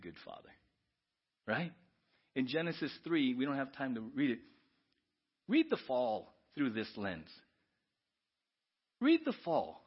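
A man's voice: on the high side, husky, lo-fi sound. A male pastor preaching a sermon, quoting scripture and asking the congregation questions.

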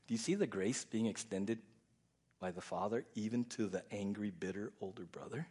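A man preaching a sermon as pastor, emphatic and repetitive, often dropping soft and low to stress a point. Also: normal speed, husky.

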